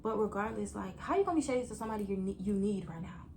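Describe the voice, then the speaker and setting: A young woman vlogger telling a story to her viewers in a chatty, animated way. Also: mid-range voice, very fast, vocal fry, slight background noise. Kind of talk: story time vlog.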